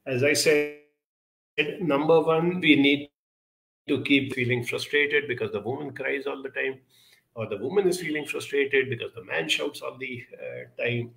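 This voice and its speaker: Brief: male counsellor with a gravelly, bright voice, earnest and advisory, some hesitations, echoey room. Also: mid-range voice, normal speed. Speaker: counsellor giving a talk. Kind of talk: talk answering audience questions.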